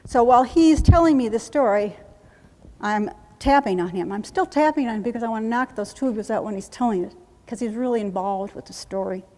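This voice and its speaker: A woman trainer demonstrating a trauma-relief technique, calmly repeating soothing reassurances in a steady chant. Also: a little high, fairly quick. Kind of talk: instructional demonstration. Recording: long reverb.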